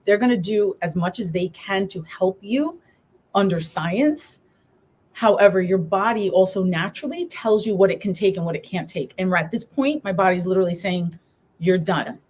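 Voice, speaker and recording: A woman's voice: mid-range voice, moderate pace, a little mellow. A middle-aged woman, a guest on a live talk show, telling her personal story while trying to hold back tears.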